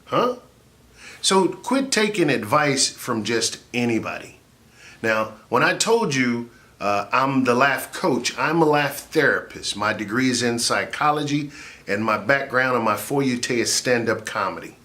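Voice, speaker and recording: A man, a comedian and laugh therapist, giving an animated, jokey motivational talk that rises into shouts for effect. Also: mid-range voice, unhurried.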